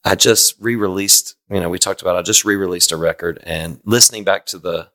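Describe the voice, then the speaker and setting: A man in his fifties, a guest worship singer, telling stories in a rambling way with quick asides during a casual podcast chat. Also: low-pitched, steady tone, pushed and bright. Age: 50s. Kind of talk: casual conversation.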